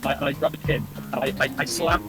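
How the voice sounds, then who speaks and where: A young man in casual chat, rambling and stumbling over words with deadpan dark jokes. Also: medium pitch, quick pace. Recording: music playing behind.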